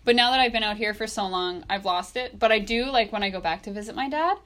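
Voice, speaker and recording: Bright-voiced young woman from Ontario. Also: medium pitch. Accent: Canadian English. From Ontario, Canada. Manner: chatty, quick to act out quotes. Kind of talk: casual chat.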